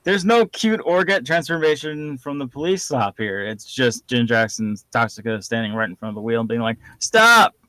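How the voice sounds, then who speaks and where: Jokey man co-host, laughs a lot, halting fillers, dry close mic. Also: mid-range voice, a bit bright, no echo. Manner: jokey, laughs often, hesitant with many fillers. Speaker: podcast co-host. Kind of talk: casual recap chat.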